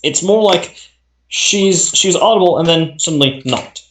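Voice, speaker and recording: A man running a tabletop game, chatting casually between turns with a halting delivery full of fillers and restarts, heard over a voice call. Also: a little high, animated, fairly bright tone. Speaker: game master. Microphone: voice chat over the internet. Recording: echoey voice-chat audio.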